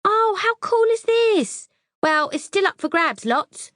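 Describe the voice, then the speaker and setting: A woman reading an audiobook, putting on the voice of a bubbly, airheaded young woman flatmate who talks high and gushing. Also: slow, no echo, clean studio sound, full character voice.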